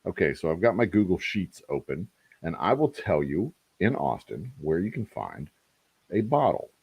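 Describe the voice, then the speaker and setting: A man's voice: low-pitched, big pitch swings, moderate pace, creaky, breathy edge, no echo, muffled recording. A man, hosting a casual distillery livestream and chatting to viewers with rambling, joking asides. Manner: rambling, talks to chat, self-deprecating jokes.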